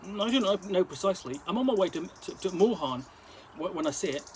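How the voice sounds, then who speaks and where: Brief: man reading as a high, lively, lost young woman warrior who is quick to anger. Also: slight background noise. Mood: puzzled. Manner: hot-tempered, speaks in halting bursts. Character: bewildered young woman adventurer, a warrior lost in a strange land.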